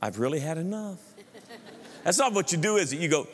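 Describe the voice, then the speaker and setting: A middle-aged pastor preaching to his congregation, in a voice a little higher than most men's. He talks animatedly, acts out his inner thoughts and keeps asking the crowd questions. The sound rings with the long reverb of a large church hall. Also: animated, a little fast, long pauses, slightly rough. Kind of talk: sermon.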